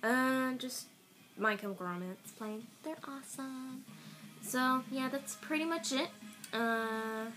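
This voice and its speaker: In a haul video shot on an iPad camera, a young vlogger with a high voice and sharp tone rambles slowly and offhandedly, using lots of fillers. The audio is poor, with faint music from a radio in the background.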